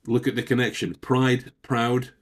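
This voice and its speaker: A man's voice: mid-range voice, little pitch movement, slow pace. A man in casual chat, explaining body language in a loose, swearing, laughing way. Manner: chatty, swears, laughs often.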